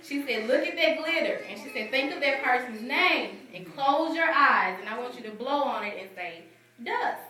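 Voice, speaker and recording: A woman's voice: high-pitched, expressive, moderate pace, hardly any pauses, sharp tone, a little hiss or hum. A woman giving a testimony from the pulpit, telling her story and acting out both sides of the conversation. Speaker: guest speaker. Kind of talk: testimony to a church congregation. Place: church sanctuary with congregation responding. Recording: roomy, distant church recording with crowd. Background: congregation calling out responses.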